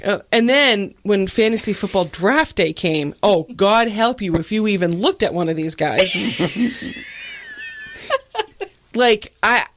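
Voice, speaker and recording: A woman's voice: medium pitch, takes it slowly. A woman hosting a podcast, telling stories in a casual chat and laughing often as she talks. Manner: animated storyteller who laughs often. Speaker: podcast host.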